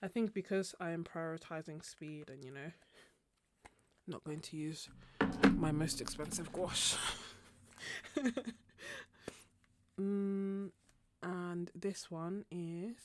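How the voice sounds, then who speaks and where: A woman's voice: fairly low pitch, no room sound. Chatty woman painting on a live stream. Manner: chatty, laughs often, greets viewers by name. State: slightly husky throat, clearing it. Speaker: art YouTuber hosting a live painting stream. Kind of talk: casual chat while painting.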